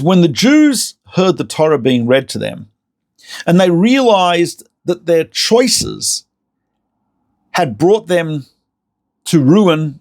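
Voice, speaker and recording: Male rabbi lecturer, gravelly, slightly high-pitched, animated, self-correcting. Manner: animated storyteller with self-corrections and repeated words. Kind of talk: recorded lecture.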